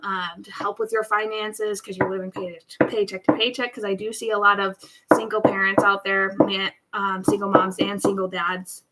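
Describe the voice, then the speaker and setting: A woman's voice: mid-range voice, little pitch movement, normal speed, heavy background noise. A woman giving a live tarot reading in a casual, chatty way, often restarting her sentences. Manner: chatty, rambling, many restarts and laughs. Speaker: tarot reader.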